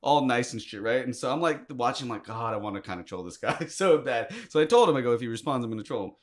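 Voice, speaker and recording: A man's voice: mid-range voice, animated, quick pace. A man co-hosting a podcast, telling a story in casual chat, laughing often and reading messages aloud in mock voices. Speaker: podcast co-host.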